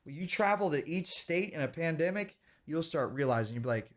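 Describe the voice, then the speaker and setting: A man's voice: a little high, animated, fairly quick. A man in his thirties ranting heatedly and profanely on a livestream, stopping to thank viewers. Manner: thanks viewers for donations mid-rant. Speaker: streamer reacting to videos. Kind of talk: casual livestream rant.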